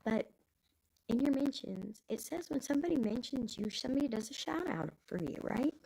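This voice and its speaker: A woman's voice: high-pitched, animated, normal speed, creaky, dark tone, low-quality recording. A Texan woman in her fifties with grandkids, rambling casually in folksy talk as a live stream host. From Texas.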